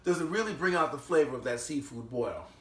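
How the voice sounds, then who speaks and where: A man's voice: fairly high pitch, animated, brisk, a bit bright, reverberant. A man hosting a casual home cooking show, talking chattily and enthusiastically with lots of fillers as he works in his kitchen.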